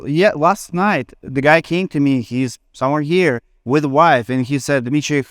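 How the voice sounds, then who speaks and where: Smooth-voiced man. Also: fairly high pitch, moderate pace, dry recording, clean studio sound. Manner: hesitant, with fillers and non-native grammar. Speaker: conference host asking a question. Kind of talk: questions on stage.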